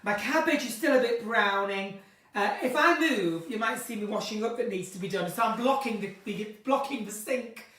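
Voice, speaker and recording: A woman hosting a casual live chat from her kitchen at home, theatrical and chatty, swinging between bright exclamations and low asides. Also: moderate pace. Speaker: live-stream host chatting with viewers. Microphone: phone or webcam in a live stream. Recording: roomy, distant from the mic.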